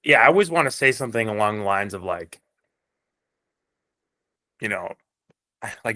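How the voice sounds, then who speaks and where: A man with a low but bright, edgy voice asks for advice. He speaks hesitantly and works his thoughts out aloud as he goes. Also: lively intonation, moderate pace, long pauses. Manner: hesitant, self-doubting, thinks aloud. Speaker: real estate agent asking for advice. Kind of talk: casual chat.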